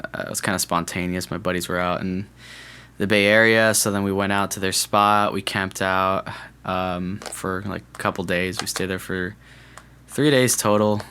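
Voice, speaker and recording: Rambling low-voiced male podcast host. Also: steady tone, normal speed, bright, forceful tone, slight background noise. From California. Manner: rambling, self-correcting, jokey. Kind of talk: casual solo podcast chat.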